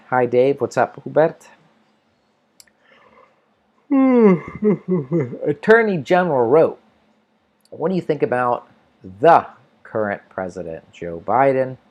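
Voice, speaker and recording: Speaking at a medium pitch, an American man runs an English-learning livestream where he casually answers what viewers comment, thinking aloud with restarts along the way.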